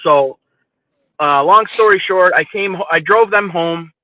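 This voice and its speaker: A podcast host with a high-sitting voice tells a story at a measured pace in a casual storytelling chat, profane and animated, and he keeps asking "you know what I mean." The recording is dry, with no room sound and a lo-fi, phone-like quality.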